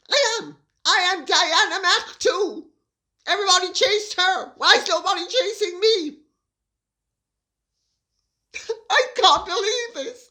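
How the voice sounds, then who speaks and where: A woman's voice: bright, forceful tone, heavily acted. Woman mocking a whiny weepy diva. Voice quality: high, quavering, laughing-crying tone. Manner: mocking parody, overdramatic whining. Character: self-pitying woman of status, whiny, tearful, vain.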